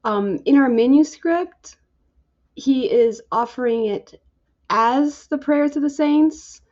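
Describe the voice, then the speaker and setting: A woman leading a Bible study, slowly working through scripture word by word in a halting, musing, tentative way. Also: high-pitched, a little mellow, dull audio.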